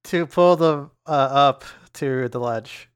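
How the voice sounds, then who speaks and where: A man playing a tabletop game, calmly explaining his character's actions step by step. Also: medium pitch, slow pace, clear, resonant tone. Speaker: player. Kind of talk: casual tabletop play.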